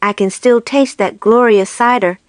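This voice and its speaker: A woman's voice: on the high side, moderate pace, no room sound, lightly acted. Clever, cheerful male fox, put on by a woman reader; lilting and eager, dry close sound.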